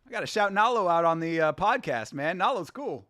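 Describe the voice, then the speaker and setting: A man in his thirties hosting a casual watch-along, excitable, slangy and laughing often. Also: high voice, a little fast. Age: 30s. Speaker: host.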